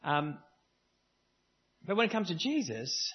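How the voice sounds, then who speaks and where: A man preaches to his congregation in a relaxed, conversational way, leaning hard on key words now and then. His voice sits a little high and has a husky edge. The church recording sounds somewhat dull and lo-fi. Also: unhurried, pauses often. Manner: conversational preaching with varied emphasis. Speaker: pastor. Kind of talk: sermon. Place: church service.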